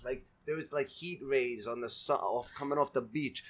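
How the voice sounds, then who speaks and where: A man's voice: mid-range voice, normal speed. Laid-back man saying "yeah, yeah". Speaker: guest filmmaker. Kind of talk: casual chat.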